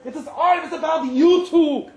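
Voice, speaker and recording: A man's voice: very high voice, normal speed, voice pushed up. A man voicing an angry, scornful office boss with a German accent, barking orders and sneering. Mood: mocking. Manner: barking, sneering, mocking laughter. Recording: roomy live venue sound.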